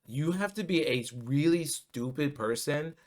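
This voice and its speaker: Animated but unhurried, a man with a slightly high, darkish voice vents about politics as a commentary vlogger. The rant is casual yet agitated, peppered with swearing, ums, and restarts, all delivered heatedly.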